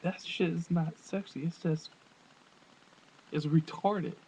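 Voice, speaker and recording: A man's voice: fairly high pitch, steady tone, slow, mellow. A man giving a crude, rambling comedic rant into his webcam, often laughing. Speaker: vlogger. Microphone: webcam microphone. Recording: dull webcam audio with faint hiss.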